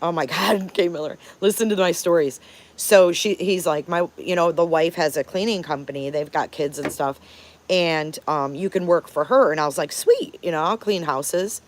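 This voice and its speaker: A woman's voice: fairly low pitch, normal speed. A woman in her fifties from Detroit, hosting a live stream and telling stories in a candid, profane, emphatic way. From Detroit, Michigan. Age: 50s. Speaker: channel host. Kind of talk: live-stream storytelling chat.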